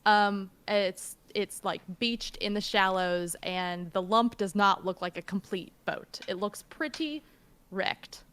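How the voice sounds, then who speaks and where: A woman's voice: medium pitch, slow, a bit bright, clean tone. Rambling woman game master. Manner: loose, rambling description with frequent fillers. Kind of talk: narrating a tabletop game.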